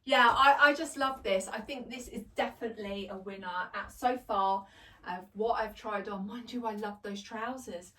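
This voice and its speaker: A woman's voice: medium pitch, moderate pace, bright, forceful tone, recorded from a distance. A middle-aged woman chatting through a clothes try-on haul at home, gushing, laughing and joking about herself. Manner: chatty, gushing, self-deprecating, laughs often. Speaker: fashion vlogger. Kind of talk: casual try-on haul chat. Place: home, indoors.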